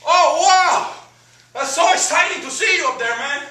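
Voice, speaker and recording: A man on stage playing an excited, bald, paunchy old friend who gushes and keeps saying "bro" and "man". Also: extremely high pitch, normal speed, recorded from a distance, pitched above the performer's own voice. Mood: gushing. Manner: gushing, repeats "bro" and "man". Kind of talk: stage monologue. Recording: roomy stage taped from afar, noisy.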